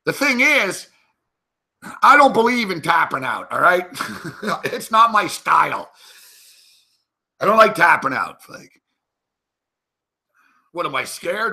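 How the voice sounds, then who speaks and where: A man's voice: sits high, big pitch swings, slow, vocal fry, pauses often, sharp tone. A man hosting a sports betting show, talking to himself with profanity and rambling agitation as he places live bets. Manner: talks to himself while placing bets.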